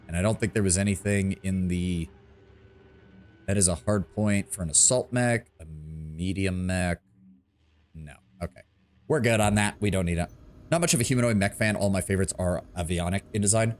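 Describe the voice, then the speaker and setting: Deep-voiced and speaking at a normal speed, a man gives casual commentary on his gaming livestream. He swears a bit and gets excited about mechs. A little hiss or hum runs under the audio.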